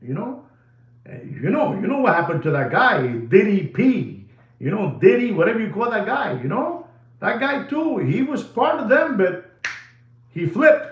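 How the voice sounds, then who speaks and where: Hosting a live stream to sell watches, a man speaks in a high, animated voice that swoops up and down, a little slowly. He rambles and drives his points home by repeating phrases over and over. The room is spacious, leaving a clear echo.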